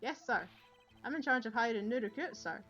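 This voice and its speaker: Reading game dialogue aloud, a Scottish-accented woman voices an eager, dim young male police officer who ends nearly every line with "sir," loud and earnest. Her voice is fairly high and a little fast. The audio is dull, with soft background music.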